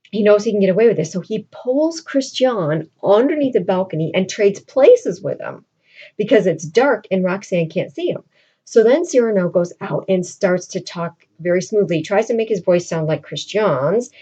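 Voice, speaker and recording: A woman's voice: mid-range voice, mellow, husky, muffled recording. A woman teaching literature, retelling a classic play to her class in a casual, chatty way full of "like" and "you know".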